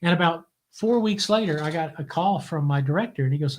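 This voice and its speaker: A man from the Southern US with a Southern accent, telling lively anecdotes as a guest in a live interview. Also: fairly high pitch, fairly quick. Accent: Southern American. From Southern US, Memphis. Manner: lively anecdotal storyteller, acts out quotes. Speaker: guest, TV producer.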